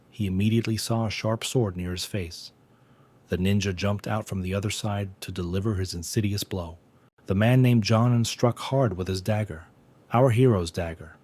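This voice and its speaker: A man narrating a comic story recap in steady, plain, scripted storytelling. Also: on the low side.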